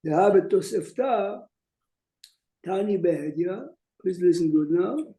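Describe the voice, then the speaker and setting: Rabbi teaching, dark roomy voice. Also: male voice, high voice, expressive. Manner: urges students to listen, reads texts rapidly, then explains. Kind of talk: Talmud study lecture. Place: classroom with students. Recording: roomy echo.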